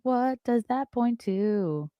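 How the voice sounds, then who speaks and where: A comedian and online host, a woman with a fairly high, lively voice, talks slowly over a clip, her casual commentary chatty and full of fillers. She's in a home room with colored lights. There's no echo, though the sound is lo-fi.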